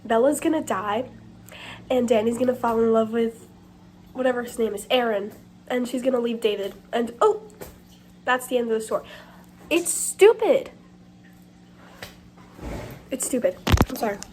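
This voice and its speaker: A teenage girl with a somewhat high voice records a casual book vlog on her phone. She is candid and dramatic, going from hushed whispers to loud griping. Faint background noise sits under the recording. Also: steady tone, fairly quick, poor audio. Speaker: book vlogger. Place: bathroom.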